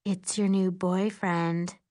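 A woman's voice: fairly low pitch, level tone, slow, darkish tone. A woman reading a wry teasing teen girl.

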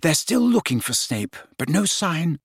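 A serious, bookish teenage girl speaking quietly and earnestly, as a male reader voices her. The sound is close and dry, with no room around it. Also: on the high side, very animated, a little slow, breathy edge, no room sound, pitched above the performer's own voice, exaggerated voice.

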